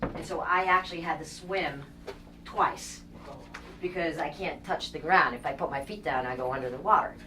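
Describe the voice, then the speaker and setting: A woman telling a long personal story to a group in a casual, animated way, laughing often as she goes. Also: deep voice, normal speed, a little hiss or hum.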